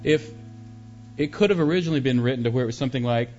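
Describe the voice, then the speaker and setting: A man's voice: mid-range voice, racing, darkish tone, faint music behind. Man teaching songwriting, dull lo-fi sound. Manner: explains, then sings short melody examples. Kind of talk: teaching with sung examples.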